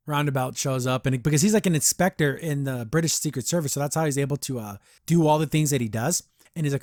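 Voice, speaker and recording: A man hosting a podcast, reviewing a cartoon episode in an animated, excitable way with many restarts. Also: mid-range voice, quick pace, dry recording, studio quality. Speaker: podcast host. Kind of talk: casual episode review chat.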